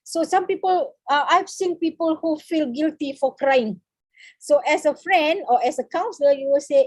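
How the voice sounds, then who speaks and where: A woman with a Malaysian English accent gives a seminar lecture on counseling over a video call. She speaks haltingly with many fillers and slips in Malay words. Her voice is high-pitched and a little mellow, and the recording is dry.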